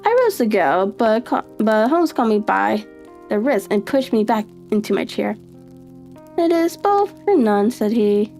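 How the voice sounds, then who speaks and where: A woman giving a live reading of a classic detective story, unhurried, with small restarts and fillers. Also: medium pitch, animated, gravelly, darkish tone, faint music behind. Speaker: narrator reading aloud.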